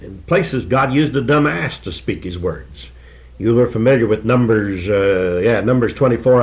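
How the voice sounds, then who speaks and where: Older male preacher, lowish voice, emphatic and earnest sermon delivery with slow stresses. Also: a little mellow.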